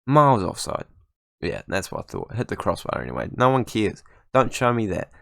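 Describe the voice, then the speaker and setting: A man's voice: fairly low pitch, sing-song, fairly quick, vocal fry, fairly bright tone, no echo, studio quality. A young man giving chatty, self-mocking commentary over his football management game. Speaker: gaming YouTuber. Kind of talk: casual gameplay commentary.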